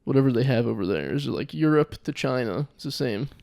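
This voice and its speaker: A man's voice: mid-range voice, animated, a little fast, gravelly, a little mellow, no echo, studio quality. A young man hosting a comedy podcast, rambling and joking in casual chat and laughing at his own jokes. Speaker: podcast host.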